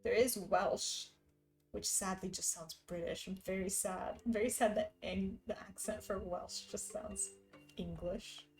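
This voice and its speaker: A woman's voice: mid-range voice, fairly even intonation, unhurried, a little mellow, soft background music, poor audio. A woman live streamer in casual, rambling chat who laughs often.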